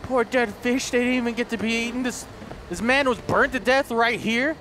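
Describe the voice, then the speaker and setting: High-pitched jumpy gamer man. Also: normal speed, noisy background. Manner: jumpy, swears and shrieks when startled. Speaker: gaming video host. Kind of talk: let's play commentary. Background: horror game music.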